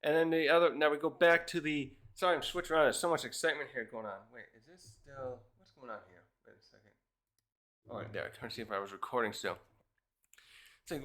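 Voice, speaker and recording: A man's voice: mid-range voice, quick pace, fairly bright tone. A man casually reviewing a comic chapter, rambling with many fillers and restarts. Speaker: manga reviewer.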